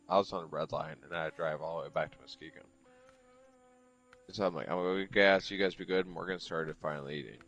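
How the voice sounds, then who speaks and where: A man with a very low voice telling a personal story while he plays, rambling and cursing as he goes. Faint music runs underneath. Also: fairly bright tone, lo-fi sound. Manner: rambling, profane, heavy use of "like". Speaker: streamer chatting while gaming. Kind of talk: casual chat storytelling.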